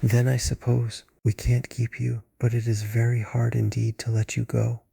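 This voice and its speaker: Male reader as a vain aging actress, breathy, dark, whispered role-play. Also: mid-range voice, monotone, normal speed, dry recording, exaggerated voice. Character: vain aging actress, a woman, doting and theatrical.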